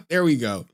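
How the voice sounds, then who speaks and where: Animated ranting male streamer. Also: a little high, vocal fry. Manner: animated, exasperated ranting with frequent swearing. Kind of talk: live stream commentary.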